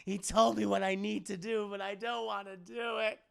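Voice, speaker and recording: A man's voice: high-pitched, little pitch movement, normal speed, creaky, clean tone. A man voicing a crazed male servant of a vampire, laughing manically and pleading. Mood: manic.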